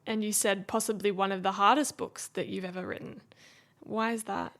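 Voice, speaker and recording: A woman's voice: medium pitch, fairly even intonation, a little fast, fairly bright tone. A woman interviewer asking questions attentively and agreeing with short murmurs.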